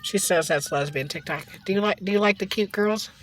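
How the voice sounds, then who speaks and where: Medium-pitched and brisk, a woman chats over slight background noise as she eats in her car. She is a mukbang vlogger spinning meandering bits of gossip and laughing frequently.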